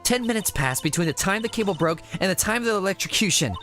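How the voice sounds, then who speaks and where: A man's voice: sits high, lively intonation, quick pace, fairly bright tone, faint music behind, pitched above the performer's own voice. A man voicing a poised woman defense attorney, pressing a witness in a cool, pointed way. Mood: accusing. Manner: cool, pointed cross-examining.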